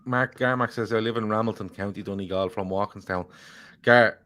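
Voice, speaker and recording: A man's voice: fairly low pitch, steady tone, brisk, sharp tone. A man co-hosting a casual football podcast, rambling, swearing freely and joking as he reads viewer comments. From Ireland. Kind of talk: casual chat.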